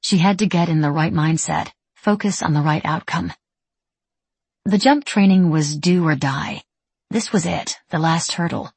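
A woman reads a novel aloud in a low, husky voice. Her delivery is measured and wry, and the close mic gives a very dry, intimate sound. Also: no room sound. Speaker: audiobook narrator. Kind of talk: scripted narration.

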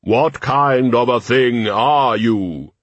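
A man voicing a grim supernatural rider who speaks slowly and deadpan. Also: mid-range voice, no echo, dull audio. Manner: slow, flat, deadpan.

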